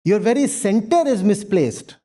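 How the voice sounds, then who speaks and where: A man's voice: high-pitched, expressive, moderate pace, warm tone. A man speaking as a spiritual teacher to a university audience, emphatic, using rhetorical questions and repetition. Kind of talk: lecture with audience Q&A. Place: university lecture hall.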